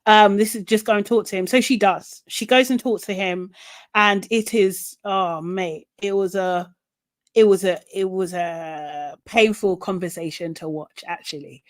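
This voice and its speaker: A woman co-hosting a podcast, recapping a TV show in animated casual chat, quoting people and swearing. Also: mid-range voice, a little slow, dry recording. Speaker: podcast co-host.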